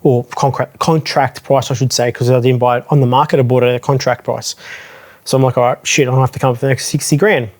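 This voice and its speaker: A man's voice: mid-range voice, steady tone, fast talker. A man speaking casually to camera, frank and conversational, recounting a property purchase with restarts and asides. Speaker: property advisor telling his own story. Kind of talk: casual talking-head storytelling.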